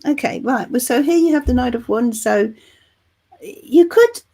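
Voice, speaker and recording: A woman's voice: fairly high pitch, animated, measured pace, creaky, mellow. A middle-aged woman from England, getting over the flu, reading tarot cards live and chatting affectionately with viewers. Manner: chatty, affectionate, calls viewers love and darling. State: recovering from flu. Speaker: tarot reader and channel host.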